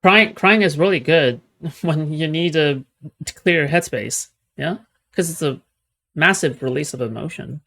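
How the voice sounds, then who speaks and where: A man's voice: on the high side, unhurried, creaky, sharp tone, a little hiss or hum. Guy on stream going "bro, what the fuck", incredulous and joking. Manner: incredulous, profane, laughing asides. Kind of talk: casual reaction chat.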